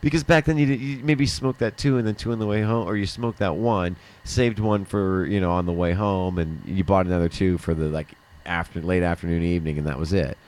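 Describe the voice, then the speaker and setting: A man's voice: low-pitched, a little fast, hardly any pauses, darkish tone. A middle-aged man hosting a livestream, telling a rambling personal story in casual chat, often laughing and swearing. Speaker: livestream host.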